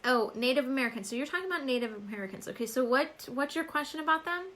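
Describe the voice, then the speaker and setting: A woman's voice: sits high, expressive, fast, a bit bright, poor audio. A woman hosting a live stream as a psychic medium, chatting casually, laughing often and answering viewers by name.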